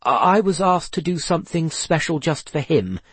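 A man's voice: fairly high pitch, animated, moderate pace, a bit bright, slightly rough, no room sound, pitched above the performer's own voice. A man reading a story and voicing a nervous young kitchen hand who stammers as he explains himself. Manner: stammering, hesitant.

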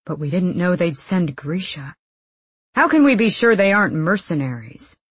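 A wisecracking young gunman voiced by a woman sounds quick and incredulous. Her husky voice sits low and dry. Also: expressive, dry recording. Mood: wry.

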